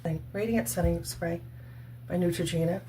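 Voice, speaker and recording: A woman's voice: lowish voice, fairly even intonation, moderate pace, dark tone, slight background noise. A woman in her sixties talking casually and earnestly at home to her camera, laughing now and then as she chats. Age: 60s. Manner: chatty, earnest, laughs often. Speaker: vlogger. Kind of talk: casual makeup chat and testimony.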